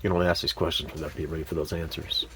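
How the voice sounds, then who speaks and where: A man telling a personal story in a candid, animated way, with frequent fillers and sudden swear words. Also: a bass voice, fast talker, husky. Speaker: vlogger.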